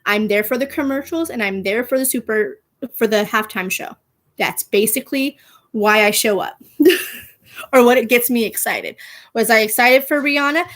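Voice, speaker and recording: A woman in her thirties hosting a casual pop culture podcast, chatty and animated, laughing often and using playful slang. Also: on the high side, normal speed. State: gets out of breath walking, pregnant. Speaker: podcast host.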